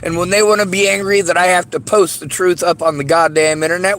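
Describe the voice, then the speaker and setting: A man delivering a bitter, angry vlog monologue, swearing heavily and rising into shouts. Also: high-pitched, steady tone, fast talker, few pauses, no echo. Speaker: vlogger.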